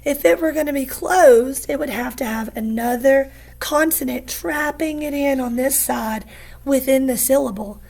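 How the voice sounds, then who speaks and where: A woman teacher giving a phonics lesson, patient and encouraging, repeating each word slowly for young students. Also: high voice, creaky, a little mellow. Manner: slow, patient, encouraging, repeats words aloud.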